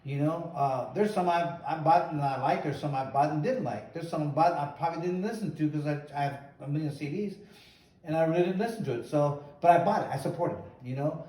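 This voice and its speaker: With a brisk, mellow voice on the high side, a middle-aged former boxer hosts a relaxed chat. He rambles through stories and acts out quotes, recorded in an echoey room from a distant mic.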